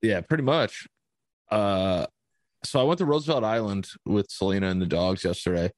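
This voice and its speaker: A man's voice: lowish voice, moderate pace, no room sound. A young man, cursing casually as he tells a long story on a podcast. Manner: profane, rambling storyteller. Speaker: podcast host.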